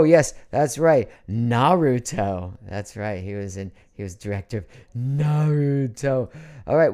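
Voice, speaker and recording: A middle-aged man hosting a casual live online show from a home studio, joking and slipping into mock outrage. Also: medium pitch. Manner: animated, jokey, swings into mock outrage. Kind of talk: casual livestream chat.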